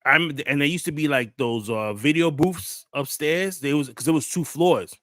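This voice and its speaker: A man with a slightly high, fairly bright voice speaks at a moderate pace in a dry, clean studio recording. Hosting a casual talk show as a podcast host, he tells loose stories packed with crude slang. He acts out the quotes as he goes.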